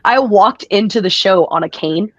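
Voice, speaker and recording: A woman's voice: medium pitch, normal speed, no room sound, highs cut off. A woman being interviewed about her wrestling career, telling stories casually with frequent laughs. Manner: chatty, laughs often, acts out quotes. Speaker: guest wrestler.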